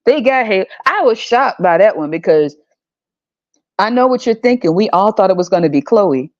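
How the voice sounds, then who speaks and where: A woman hosts her podcast in a loose, ranting style, blunt and fed up, dropping curses without a second thought. Her voice sits at a middling pitch, and the recording sounds dull and muffled. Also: expressive, normal speed. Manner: blunt, exasperated, swears freely. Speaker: podcast host. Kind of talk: casual ranting commentary.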